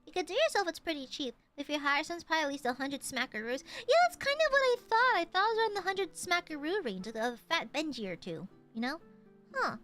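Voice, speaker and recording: A young woman with a very high, bright, sharp voice chats playfully with her stream audience. She giggles often and reads the chat aloud in a casual, teasing way. Music plays faintly behind her. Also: sing-song, quick pace.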